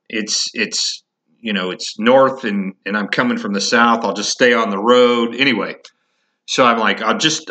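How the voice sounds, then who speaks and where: A man's voice: fairly low pitch, pushed and bright. A middle-aged man from Indiana telling a casual story on his podcast, rambling with many restarts and chuckles. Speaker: podcast host.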